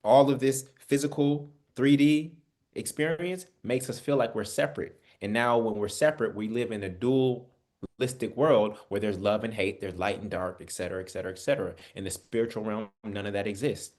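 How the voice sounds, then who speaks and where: A man's voice: fairly low pitch, moderate pace, darkish tone. A man teaching a Bible study. He talks in a conversational preaching style, calls his listeners family and asks them rhetorical questions. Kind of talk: spiritual teaching. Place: online Bible study session.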